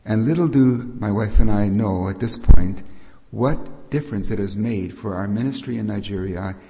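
A man's voice: on the low side, normal speed, vocal fry, mellow. An older man giving a patient, explanatory Bible teaching sermon as a preacher. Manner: explanatory, patient, with frequent restarts. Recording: long reverb of a hall.

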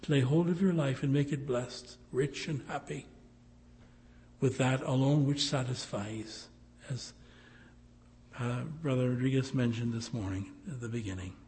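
Slow, earnest male preacher, pleading sermon, long hall echo. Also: mid-range voice, steady tone, slight background noise. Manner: pleading, rising to loud appeals.

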